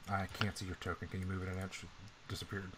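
Throat-clearing, profane game master man. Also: sits low, a little fast, background noise. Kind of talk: narrating a tabletop game.

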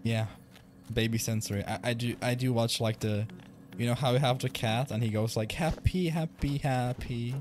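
A man's voice: medium pitch, level tone, fairly quick, a little hiss or hum. A young man streaming a video game from home, rambling casually, swearing and laughing often. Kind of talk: casual gaming livestream chat.

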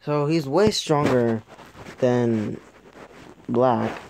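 A man's voice: mid-range voice, drawn-out words, creaky, a little mellow, slight background noise. A young man giving a casual, rambling episode review who often loses his train of thought and laughs at himself. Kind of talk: casual video commentary.

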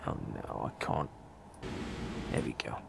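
A man's voice: measured pace, very noisy. A man hosting a multiplayer game session, musing half to himself while he builds. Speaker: host. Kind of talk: casual gaming chat.

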